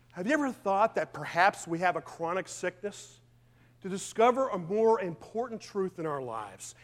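A man preaching a sermon with fervent emphasis and rhetorical questions, swinging from loud declarations to quiet, low asides. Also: big pitch swings, moderate pace, in a large hall. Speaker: pastor.

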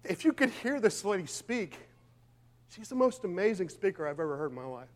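A pastor preaching with fervent, emphatic conviction in a high voice. He fires off rhetorical questions, then drops into quieter, lower asides before building back up. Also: sing-song, brisk, in a large hall. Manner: swings between loud declarations and quiet, low asides. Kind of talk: sermon.

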